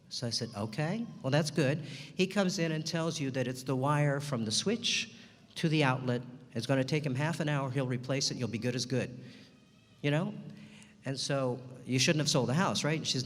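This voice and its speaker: A man giving a ceremony speech, telling a story and acting out the dialogue in lively turns. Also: mid-range voice, moderate pace. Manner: animated storyteller acting out both sides of a dialogue. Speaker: ceremony speaker. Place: large hall. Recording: long hall reverb.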